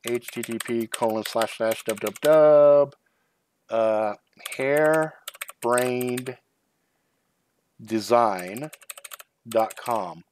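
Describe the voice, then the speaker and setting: A man's voice: mid-range voice, very slow, pauses often, a little mellow, a little hiss or hum. A middle-aged man hosting his own channel, chatting casually on a live stream, rambling and swearing, often breaking into laughter. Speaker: channel host.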